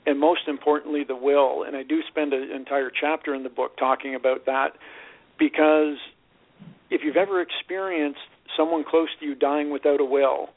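A man from Canada, a guest author explaining personal finance clearly on a radio show. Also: fairly high pitch, level tone, normal speed. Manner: articulate, explanatory. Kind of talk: radio interview. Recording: tinny phone-like radio audio.

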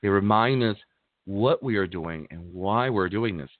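A man speaks in a somewhat low voice, delivering an informal Buddhist talk. He is gentle and halting, often restarting his phrases and leaning on fillers. The recording is dry, with a narrow, phone-like sound. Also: no echo. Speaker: Buddhist minister giving a dharma talk.

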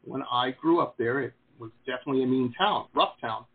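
A man's voice: mid-range voice, brisk, breathy edge. A man from Detroit hosting a casual talk show interview, telling stories and laughing often. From Detroit, USA. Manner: chatty storyteller, laughs often. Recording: phone-like video call audio.

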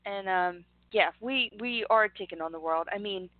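A woman's voice: mid-range voice, normal speed, phone-quality sound. A woman from Northeast Philadelphia with a Philly accent, co-hosting a radio show in candid, easy chat. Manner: candid, laughs easily. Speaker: radio co-host. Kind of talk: casual chat.

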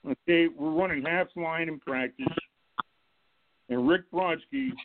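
Animated male coach on a phone line. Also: on the high side, a little slow, gravelly, no echo. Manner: animated storyteller, acts out quotes, laughs along. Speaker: former football coach, guest caller. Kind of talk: telling anecdotes on a call-in show. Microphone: telephone.

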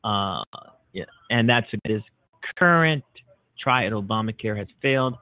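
A man's voice: fairly low pitch, fairly even intonation, normal speed, no echo. A man hosting a political talk radio show, delivering emphatic, repetitive, punchy declarations. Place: Chicago-based internet radio show. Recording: tinny phone-like line, dry.

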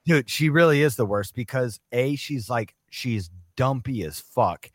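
A man's voice: mid-range voice, animated, a little slow, dry recording, clean studio sound. A young man co-hosting a podcast, rambling in crude, profane chat with lots of "like". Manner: rambling, filler-heavy, profane. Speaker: podcast co-host.

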